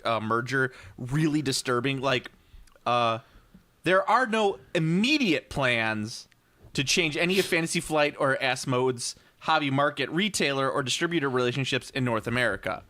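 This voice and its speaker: A man's voice: mid-range voice, a little fast, sharp tone. A man hosting a tabletop gaming podcast, rambling and cussing in casual banter. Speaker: podcast host.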